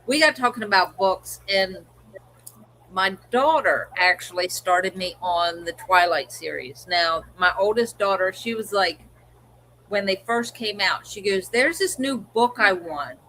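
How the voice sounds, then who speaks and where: A middle-aged woman co-hosts a livestream, chatting casually as a storyteller who acts out what her family said. Her mid-range voice is unhurried with a fairly bright tone, on a rough recording with a little hiss or hum.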